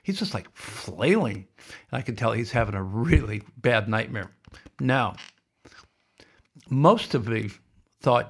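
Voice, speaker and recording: A man's voice: medium pitch, lively intonation, slow, pauses often, breathy edge. A man hosting a podcast, telling a rambling, darkly humorous story in a casual monologue. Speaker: podcast host.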